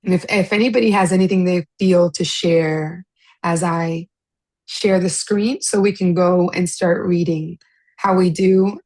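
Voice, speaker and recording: A woman from Miami leads a relaxed online study group, speaking gently and thoughtfully. Her speech is full of small restarts and easy laughter. Her voice sounds dry and close, as on a video call. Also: on the low side, dry recording. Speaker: host of an online study meetup. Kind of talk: casual spiritual group chat.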